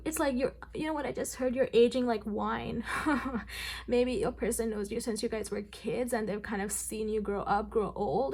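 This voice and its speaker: Creaky-voiced woman giving a tarot reading. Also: a little high, a little mellow. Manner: rambling, filler-heavy, addressing viewers directly. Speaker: tarot reader. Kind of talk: pick-a-card tarot reading.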